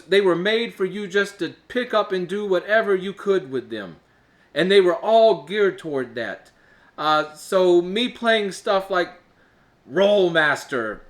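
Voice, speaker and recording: A man talks in a loose, rambling way, his voice sitting fairly high for a man. His nose is stuffed up, so he sounds congested and a little short of breath. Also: fairly bright tone. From Alabama, US. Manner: rambling, chatty, with filler uhs and laughs. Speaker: show host. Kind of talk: casual solo talk to camera.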